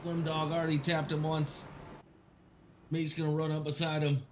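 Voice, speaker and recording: A man calling a sim racing broadcast, excitable and quick to shout at big moments. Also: on the high side, background noise. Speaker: race commentator. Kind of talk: sim racing play-by-play commentary.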